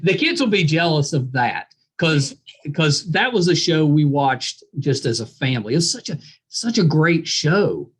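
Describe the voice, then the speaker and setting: A man hosting a podcast interview, friendly and quick to laugh, nodding along with short replies. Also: fairly high pitch, sing-song, husky. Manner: friendly, laughs often, fills with yeah. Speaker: podcast host. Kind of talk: casual interview chat.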